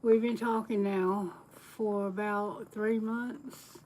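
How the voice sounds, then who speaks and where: A woman's voice: mid-range voice, steady tone, slow pace, a little mellow, rough recording. A woman tarot reader talks to her live-stream viewers in a loose, candid way. Her voice sits in an ordinary middle range and she breaks into laughter often. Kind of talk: casual live-stream chat.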